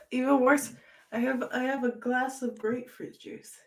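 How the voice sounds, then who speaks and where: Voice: high voice, steady tone, a little slow, a bit bright. A co-host on a casual comedy podcast who complains in a playful, overdramatic way. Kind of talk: casual banter.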